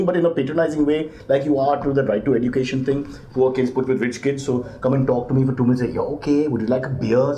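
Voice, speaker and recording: Brisk middle-aged comedian guest, deadpan delivery, warm low timbre. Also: male voice, a little hiss or hum. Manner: deadpan comic asides, jumps to high mock voices. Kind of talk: comic chat answering parenting questions.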